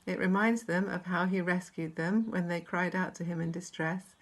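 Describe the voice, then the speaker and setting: A woman with a British accent giving a measured, reflective devotional talk and reading scripture aloud. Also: on the low side, steady tone. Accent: British English. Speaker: church speaker.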